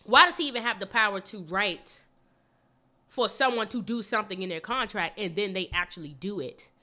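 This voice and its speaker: Bright-voiced woman co-hosting a chat. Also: mid-range voice, a little fast. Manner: blunt, animated, swears freely. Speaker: podcast co-host. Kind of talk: casual chat.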